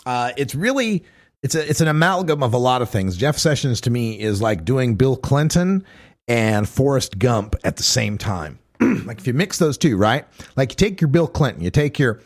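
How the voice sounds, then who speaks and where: A man's voice: mid-range voice, big pitch swings, normal speed. A man hosting a talk radio show, chatting casually and joking, slipping into impressions. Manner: joking, slips into put-on impressions.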